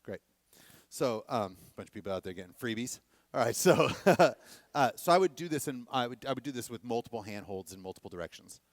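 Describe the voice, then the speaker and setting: A man teaching a dance workshop to a class, animated and often checking that the students are following. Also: mid-range voice, a little fast, no echo. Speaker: dance instructor.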